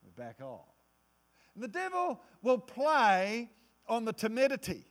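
A male pastor preaching a sermon, acting out quotes in different voices and dropping to a low hush for emphasis. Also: wildly swooping pitch, measured pace.

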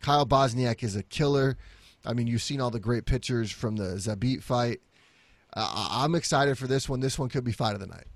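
A man co-hosting a casual sports podcast, running through upcoming fights quickly and swearing now and then with an easy laugh. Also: mid-range voice, no echo. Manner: brisk fight rundown, swears, laughs easily. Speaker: podcast co-host previewing fights.

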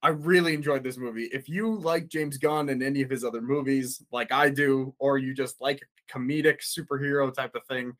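A man co-hosting a podcast in casual chat, excitable and laughing often, swearing freely. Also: medium pitch, fairly quick, few pauses. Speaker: podcast co-host.

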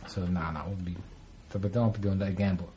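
A man's voice: sits low, steady tone, mellow. Man, blunt casual chat, swears, faint background noise. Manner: blunt, swears, quick asides.

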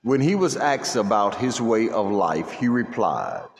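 A man hosting a podcast who opens with a solemn recitation and reads aloud in a measured way. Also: on the low side, wildly swooping pitch, vocal fry, in a large hall. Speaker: podcast host. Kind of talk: religious recitation and podcast talk.

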